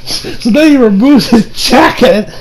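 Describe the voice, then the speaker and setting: High-voiced young man rambling through a recap. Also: a little slow, crowd noise, low-quality recording. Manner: rambling, laughs often, excitable. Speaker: anime reviewer. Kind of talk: casual episode recap.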